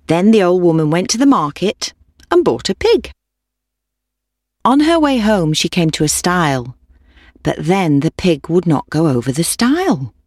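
A woman reading a repetitive folk tale aloud with a steady, rhythmic delivery. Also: on the low side, moderate pace, dry recording, clean studio sound. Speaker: storyteller. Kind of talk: scripted storybook narration.

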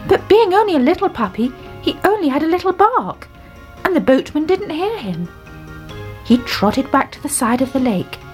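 Woman, children's story reading, expressive, animated pitch, faint background music. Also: normal speed.

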